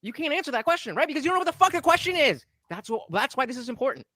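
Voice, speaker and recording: A woman's voice: sits high, big pitch swings, very fast, pushed and bright, dry recording, studio quality. A woman hosting a live stream, heatedly commenting on a debate clip in a profane, exasperated, argumentative way. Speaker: streamer host reviewing a debate.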